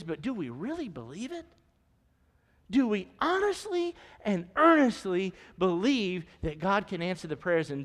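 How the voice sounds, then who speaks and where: Guy preaching in a church, pretty high voice, talks casual and keeps asking the crowd questions, big echoey hall. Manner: conversational, asks the congregation questions. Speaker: pastor. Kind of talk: sermon. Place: church sanctuary. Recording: long church reverb.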